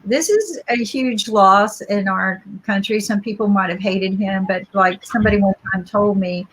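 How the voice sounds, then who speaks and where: A woman's voice: medium pitch, normal speed, breathy edge, low-quality recording. A middle-aged woman co-hosting a podcast, telling stories in a reflective, conversational way and often checking in with listeners. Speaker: podcast co-host. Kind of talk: casual podcast talk.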